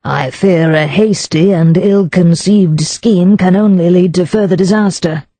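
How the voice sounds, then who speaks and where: A woman's voice: fairly low pitch, measured pace, warm tone, dry recording. A woman narrator playing a proud older earl who speaks formally and stiffly.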